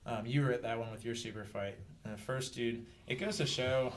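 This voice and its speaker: Male podcast guest, mid-pitch voice, lively storyteller, slight background hiss. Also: a little fast. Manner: animated storyteller, shouts out quoted coaches. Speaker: podcast guest, jiu-jitsu brown belt. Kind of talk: casual podcast chat.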